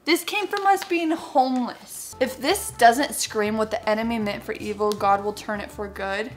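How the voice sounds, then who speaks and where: Excitable lady youtuber, high pitched, super gushy, casual vlog chat. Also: moderate pace. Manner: excitable, gushing, exclamatory.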